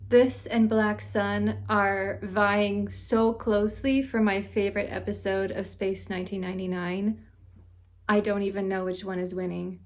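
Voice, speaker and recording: A woman hosting a reaction video who reviews a TV episode in a casual, gushing, excitable way. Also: medium pitch.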